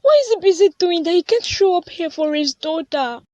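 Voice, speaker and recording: A woman's voice: very high voice, lively intonation, brisk, darkish tone, no echo, lo-fi sound. A woman voicing Susan, a grieving mother, in a cartoon, speaking tearfully. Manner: tearful, distraught.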